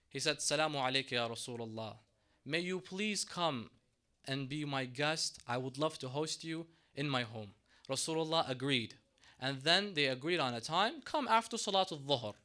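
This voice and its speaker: Bright-voiced man preaching a sermon. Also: on the high side. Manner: dramatic storytelling, acting out voices of the characters. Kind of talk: sermon storytelling. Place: mosque.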